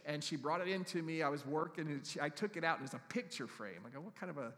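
Middle-aged man, pastor, sermon; animated, jokey storytelling, pitched a little high, long church reverb. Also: fast talker. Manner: animated, humorous storytelling with asides to the congregation.

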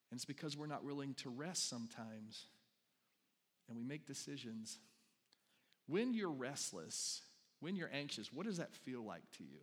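A man's voice: medium pitch, animated, brisk, a bit bright. A man preaching a sermon as pastor, talking conversationally, asking the congregation questions and acting out quoted lines with energy. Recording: long hall reverb.

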